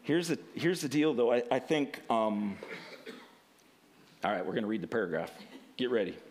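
A man preaching a sermon, animated, often laughing and restarting phrases, then reading a passage aloud. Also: medium pitch, normal speed, slight background noise.

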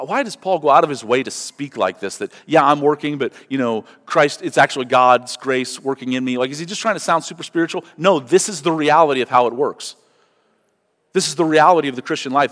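Man preaching in church, earnest, stresses words, keeps asking "okay?", echoey big room, mid pitch. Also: brisk, a bit bright. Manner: earnest, emphatic on scripture, asks the room "okay?". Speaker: pastor. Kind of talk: sermon.

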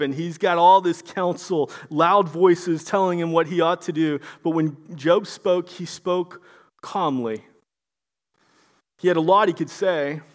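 A man preaching a sermon in an earnest, conversational way, sometimes stammering on repeated words. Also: on the high side.

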